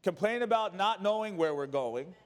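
Expressive and brisk, a high-voiced pastor preaches, alternating urgent, raised lines with hushed, low ones. His sermon rings with a long reverb that suggests a church hall.

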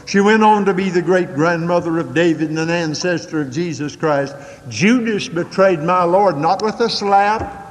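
In a long hall reverb, an older male preacher with a fairly high voice delivers a sermon. His folksy storytelling swings dramatically in pitch and pace, moving from quick folksy asides to slow, weighty emphasis.

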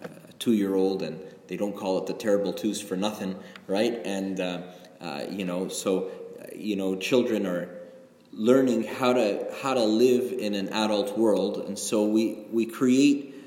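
A middle-aged man preaches in a relaxed, confessional way, his fairly low voice often turning to the congregation with a questioning "right?". The sound rings through a large, reverberant church hall with a long tail. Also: a little slow. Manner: conversational, confessional, frequent "right?" asides. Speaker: pastor. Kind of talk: sermon.

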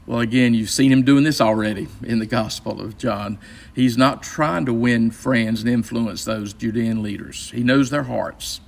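Gravelly-voiced pastor teaching Bible study. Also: male voice, medium pitch, normal speed. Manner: conversational, explanatory, with frequent fillers and restarts.

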